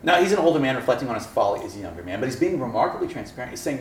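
Speaking rapid-fire in a mid-range voice, a campus minister delivers a sermon to students. He's animated, telling humorous stories and acting out the voices in them. The room is echoey, the mic distant, with faint noise.

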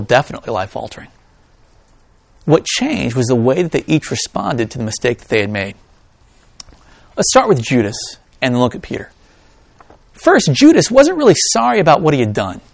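Recorded without echo, a mid-range male voice delivers a sermon. The pastor reads from scripture, then shifts into animated, joking talk with his congregation, peppered with asides.

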